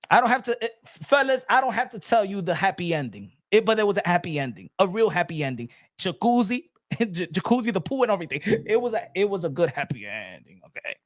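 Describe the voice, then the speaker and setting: A man hosting his own boxing channel, telling stories in a rambling, animated casual chat full of restarts. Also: sits high, fast, hardly any pauses.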